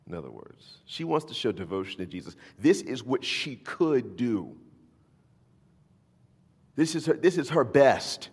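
A man's voice: mid-range voice, slow, long pauses, husky. Guy preaching, voice swings up and down a lot, big reverby hall, keeps saying right?. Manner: animated, rising to near-shouts for emphasis; repeats words, asks "right?". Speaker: pastor. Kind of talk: sermon with scripture reading.

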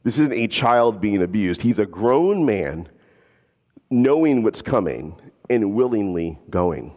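A man preaching a sermon as a pastor, animated and casual, slipping in jokes. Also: lowish voice, takes it slowly, long reverb tail.

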